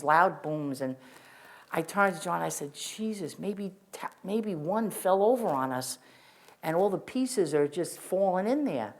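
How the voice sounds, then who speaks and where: An older woman recounts her own experience as spoken testimony. Her voice sits a little low for a woman. She tells it earnestly and vividly and often restarts her sentences as she goes. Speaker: witness sharing testimony. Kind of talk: first-person spoken testimony.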